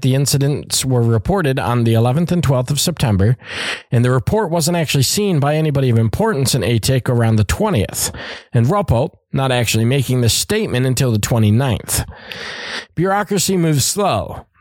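A man's voice: mid-range voice, animated, fairly quick, a little mellow, no room sound, studio quality. A man hosting a podcast who reads out a story in a casual way, with asides and joking and some swearing. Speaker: podcast host.

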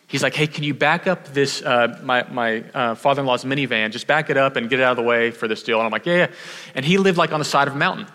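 A male pastor from Houston with a bright, forceful voice, preaching in a room with a long reverb tail. He tells a lively story and switches into other people's voices as he quotes them. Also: medium pitch, fast talker. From Houston, Texas. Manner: animated storyteller, acts out quoted voices, self-deprecating. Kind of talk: sermon with personal storytelling.

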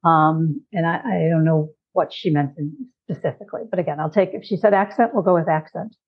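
A woman's voice: low voice, a little fast. A middle-aged woman from Chicago, a guest expert, patiently explaining ideas with examples in conversation. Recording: tinny phone-like call audio.

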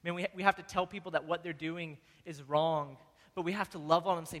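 A man delivers a sermon in an easygoing, heartfelt way, stumbling over repeated words and peppering his talk with "man." His voice sits high and sounds bright and forward. It rings out with a long reverb, as if in a large hall. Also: fairly even intonation, a little fast. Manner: casual, earnest preaching with frequent "man" and repeated words. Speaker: pastor.

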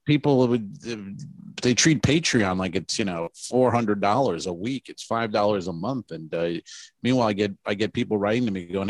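A man with a lowish voice chats loosely on a comedy podcast, recorded close and dry with no room sound. He rambles through his stories with animated asides and quick quoted voices. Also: no room sound. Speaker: podcast co-host. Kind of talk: casual comedy podcast chat.

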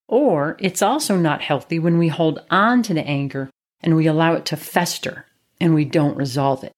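A woman's voice: deep voice, a little mellow. A woman telling a personal childhood story in an earnest, reflective way, then drawing advice from it, with occasional "you know" fillers. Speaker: speaker giving life advice.

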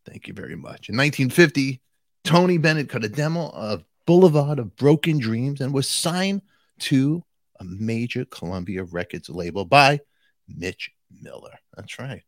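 Animated chatty male channel host. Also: mid-range voice, a little slow, dry recording. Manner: animated, jokey, addresses viewers directly. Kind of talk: chatty commentary to viewers.

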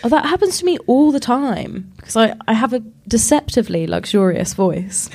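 A woman's voice: fairly high pitch, sing-song, normal speed, darkish tone. A young woman from Scotland in casual chat, wry and ranting, acting out quotes.

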